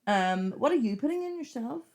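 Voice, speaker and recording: Chatty, animated Northern Irish woman. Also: on the high side, fairly quick. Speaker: podcast co-host. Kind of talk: casual chat.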